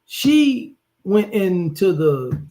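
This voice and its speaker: A man in a casual chat, relaxed and joking as he tells his side of the story. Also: sits high, drawn-out words, poor audio. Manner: relaxed, joking, laid-back. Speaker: guest, her partner.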